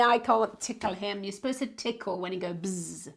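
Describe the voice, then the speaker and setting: A woman's voice: mid-range voice, moderate pace, gravelly, hardly any pauses. A woman minister hosting a children's show, talking in a playful, exclaiming way. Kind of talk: lively children's presenting.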